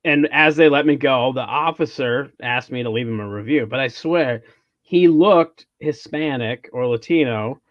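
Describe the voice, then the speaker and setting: A man hosting a podcast tells a meandering story in casual conversation, speaking at medium pitch and moderate pace. He frequently restarts sentences and quotes others in a mock Minnesota accent. The sound is lo-fi with no room sound.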